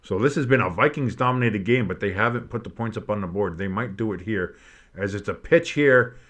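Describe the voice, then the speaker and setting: A man giving casual play-by-play commentary on a game, rambling and swearing between plays and bursting out with excitement on big ones. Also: fairly low pitch, a little fast. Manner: rambling, swears, breaks off into nostalgic tangents. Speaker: play-by-play streamer.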